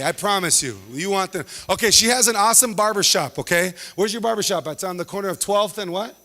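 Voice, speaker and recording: Stand-up comic, male, slightly high voice, animated slangy storyteller; hall reverb. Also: some chatter behind. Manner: animated, slangy, acts out characters in quick asides. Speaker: stand-up comedian.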